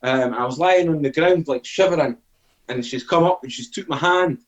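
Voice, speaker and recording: A man's voice: on the high side, normal speed. A Scottish man in his forties, a podcast guest telling a story in casual, swearing talk and acting out what people said. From Scotland. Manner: swearing, animated, acts out quoted dialogue.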